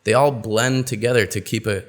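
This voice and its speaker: A man teaching pronunciation in a webinar, explaining and acting out example sentences in a lively, expressive way. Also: fairly low pitch, normal speed. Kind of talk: webinar lesson.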